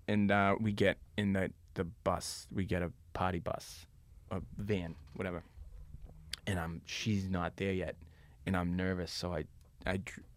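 Deep-voiced man telling a rambling story. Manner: laughing, rambling anecdotes with many fillers. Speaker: podcast guest. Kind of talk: casual storytelling.

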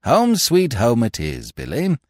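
A man voicing a calm, sly plainclothes detective who speaks slowly and softly with gentle mockery. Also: medium pitch, no room sound, clean studio sound.

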